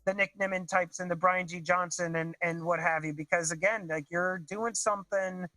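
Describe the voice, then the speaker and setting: A man's voice: high-pitched, steady tone, normal speed, sharp tone, no echo, soft background music, poor audio. A man calling in to a video show, talking enthusiastically with a nasal, congested voice. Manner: enthusiastic, effusive. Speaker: caller. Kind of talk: casual video call chat. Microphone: video call.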